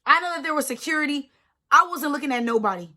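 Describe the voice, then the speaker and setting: A woman's voice: high-pitched, lively intonation, quick pace, bright, forceful tone. A young woman in her twenties telling a personal story in a casual vlog, emphatic and repeating herself with lots of "like". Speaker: storytime vlogger.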